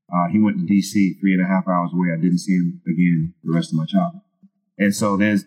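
Low-voiced man, brisk delivery, candid testimony as an interview guest. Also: highs cut off. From Virginia. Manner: earnest storyteller, casual with many fillers and restarts.

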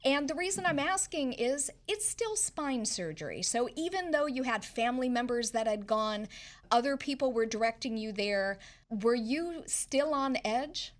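A woman's voice: a little high, lively intonation, normal speed. A woman hosting a program, interviewing a guest and emphatically cutting in with facts and figures. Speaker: radio program host.

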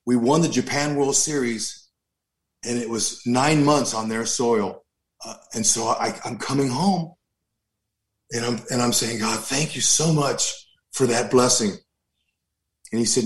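A man in his fifties, a former pro ballplayer, telling stories in an animated, joking way with lively asides. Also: mid-range voice, a little slow. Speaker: former pro baseball player. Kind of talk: storytelling interview.

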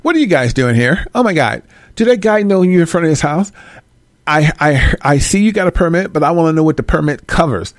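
A man's voice: on the high side, expressive, brisk, no room sound, studio quality. A man voicing a nosy, fussy middle-aged woman who questions strangers indignantly.

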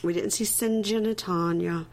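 A woman co-hosting a casual chat, retelling scenes with lots of animated quotes and profanity. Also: normal speed. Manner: animated storyteller who acts out quotes with big pitch jumps; profane, gossipy. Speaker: podcast co-host recapping a reality show.

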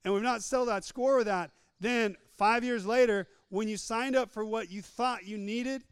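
A man delivers a joking sermon in a high, smooth, resonant voice. He repeats lines for emphasis and slips into other voices to act out little scenes. The sound is close and dry. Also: moderate pace, no room sound. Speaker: preacher. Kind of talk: humorous sermon.

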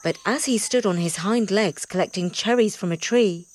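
A woman narrating a children's animal story in an expressive, lively storybook reading. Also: medium pitch, moderate pace.

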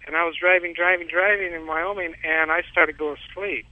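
A male caller phones in to a show and tells a story casually, rambling and repeating his words. His voice is a little high, steady, and fairly quick, coming through a dry, tinny telephone line.

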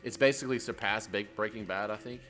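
A man's voice: lowish voice, quick pace, fairly bright tone, soft background music. A middle-aged man co-hosting a podcast, chatting casually, laughing often and rambling. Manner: laughs often, rambling, says dude a lot. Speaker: podcast co-host. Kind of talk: casual chat.

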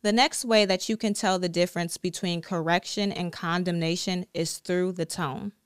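Earnest woman with a smooth, dry voice. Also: lowish voice, fairly even intonation, moderate pace, no room sound. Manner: earnest, direct, preaching cadence with repetition. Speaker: podcast host. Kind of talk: faith-based podcast teaching.

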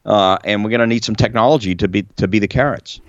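A man in a casual panel discussion, speaking in a calm, measured way. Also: fairly low pitch, dry recording, lo-fi sound.

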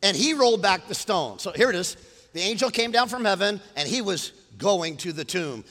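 Middle-aged male pastor; animated sermon delivery, bright high voice, echoing hall. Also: normal speed. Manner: animated, swinging from quiet storytelling to loud preaching.

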